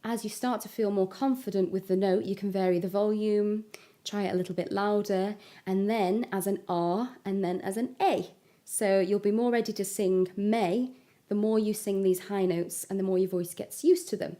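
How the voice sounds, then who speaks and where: A woman giving a singing lesson, explaining vowel shapes step by step and demonstrating high notes. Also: fairly even intonation, normal speed, dark tone. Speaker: singing teacher. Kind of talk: vocal lesson with sung examples.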